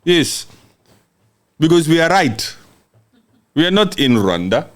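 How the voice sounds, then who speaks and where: A man's voice: on the high side, big pitch swings, slow pace. A man from Congo giving an impassioned, mocking political rant, repeating words for emphasis and answering viewer comments. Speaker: live-stream political commentator.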